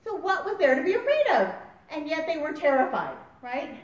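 A woman preaching a sermon, animated and often laughing as she acts out voices. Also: sits high, brisk. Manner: animated, laughing, acting out quotes. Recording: roomy, distant, dull recording.

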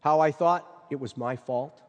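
A man voicing a distressed young mother who speaks in a halting, quivering voice while telling of her guilt. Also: low voice, long reverb tail, lo-fi sound. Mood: anguished.

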